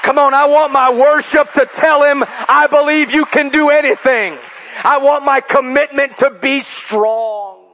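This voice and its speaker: High bright-voiced fervent male preacher. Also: fairly even intonation, a little slow, some chatter behind. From Chicago area, Illinois. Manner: storytelling, rising to fervent exhortation. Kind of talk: sermon. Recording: dull lo-fi sound.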